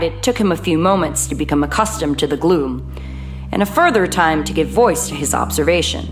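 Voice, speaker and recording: A woman reads an audiobook in a low, measured voice. Her delivery is even and deliberate. Soft music runs faintly beneath her. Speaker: audiobook narrator. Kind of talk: audiobook narration.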